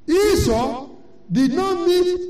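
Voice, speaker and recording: A male preacher delivers a fervent sermon and keeps breaking in with blessings for his listeners. His voice sits very high yet sounds dark and mellow. It rings through an echoey church hall, picked up from some distance. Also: lively intonation, slow pace.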